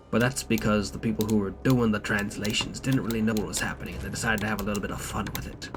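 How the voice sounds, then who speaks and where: Man, game streamer, low-pitched, chatty, swearing, game music behind. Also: creaky. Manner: chatty, profane, reads game notes aloud. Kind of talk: casual live-stream commentary.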